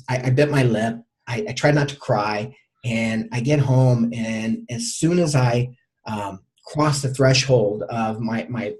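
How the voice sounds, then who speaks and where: A man's voice: medium pitch, a little mellow. Middle-aged male coach, interview guest, stop-start storytelling with many repeated words. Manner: halting, repeats words often.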